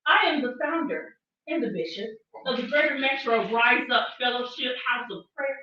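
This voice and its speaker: A woman's voice: a little high, animated, normal speed. A woman giving a playful mock sermon as a comic bishop. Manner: playful preacher delivery, laughs often. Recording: echoey room, distant mic, muffled.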